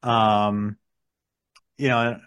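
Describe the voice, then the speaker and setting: A man's voice: on the low side, flat delivery, extremely slow, a bit bright, clean tone. Man co-hosting a rambling podcast. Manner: rambling, lots of fillers. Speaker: podcast co-host. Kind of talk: casual podcast chat.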